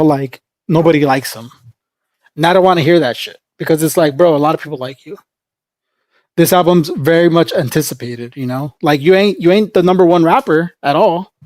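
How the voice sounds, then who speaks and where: A woman's voice: low-pitched, a little mellow, dry recording, clean studio sound. A woman livestreaming in casual chat, rambling and opinionated, with lots of fillers.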